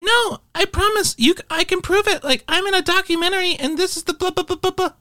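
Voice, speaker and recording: A man voicing a young woman who talks in an exaggerated, breathy, cutesy anime-girl voice, in a comedic storytelling impression. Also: very high-pitched, fast talker, sharp tone, voice pushed up. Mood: cutesy insistent.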